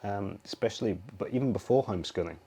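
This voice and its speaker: A man who is a guest expert on a podcast, explaining in a steady way. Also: lowish voice, fast, husky. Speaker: guest, screen-time expert. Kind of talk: casual podcast conversation.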